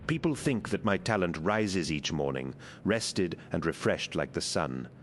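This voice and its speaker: A man's voice: lively intonation, unhurried, slight background noise. A man voicing a passionate male artist who speaks with urgent, exasperated energy. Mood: indignant. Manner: exasperated, urgent, raised pitch.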